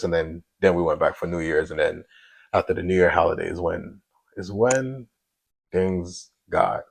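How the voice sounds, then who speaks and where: A man with a deep, gravelly voice tells his personal story in a casual, emotional testimony. His tone is husky and rough at the edges, and he keeps it conversational with easy slang. The sound is close and dry. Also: darkish tone, no echo, low-quality recording. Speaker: single father telling his story.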